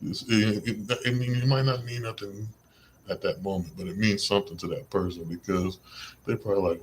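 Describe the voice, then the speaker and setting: A man's voice: low voice, steady tone, normal speed, fairly bright tone, slight background noise, rough recording. A man hosting a podcast, talking in a rambling, emphatic, slangy casual monologue. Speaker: podcast host.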